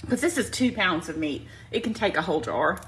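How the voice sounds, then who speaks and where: A Southern woman from Alabama hosting a live home cooking stream in her kitchen. She chats in a folksy way, greets viewers by name and says y'all a lot. Allergies have her clearing her throat. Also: fairly low pitch, expressive, a little fast, fairly bright tone, slight background noise, poor audio. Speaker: live cooking show host.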